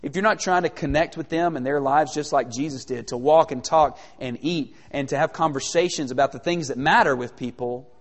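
A man preaching a sermon in a conversational, animated way, full of rhetorical questions. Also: a little high, fairly quick, hardly any pauses, in a large hall.

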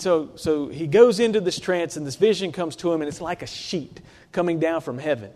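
A man's voice: fairly high pitch, fairly quick, hardly any pauses, darkish tone. A male preacher giving a conversational sermon to his congregation, often stopping to ask them rhetorical questions. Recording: long reverb of a large hall.

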